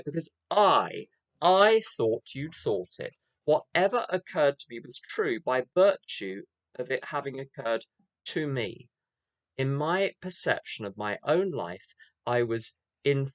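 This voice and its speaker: A man's voice: mid-range voice, big pitch swings, a little slow, no echo. An older man giving a candid, self-mocking recovery talk, telling his story with rhythmic repeated phrases. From England. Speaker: AA speaker. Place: meeting room.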